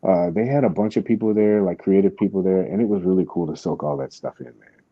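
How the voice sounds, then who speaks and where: A man's voice: sits low, fast, dry recording, lo-fi sound. A man hosting a podcast, telling a story in casual chat, with lots of restarts and asides. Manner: rambling storytelling with many restarts. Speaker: podcast host.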